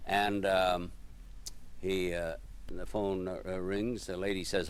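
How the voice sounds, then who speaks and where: A comedian telling a joke story in a halting, hesitant way, full of fillers and pauses. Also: male voice, low voice, steady tone, clean tone.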